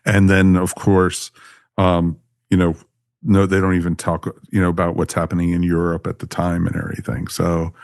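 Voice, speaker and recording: Chatty podcast host guy, deep voice, dry close sound. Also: monotone, normal speed, gravelly, darkish tone, dry recording. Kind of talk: casual chat and show outro.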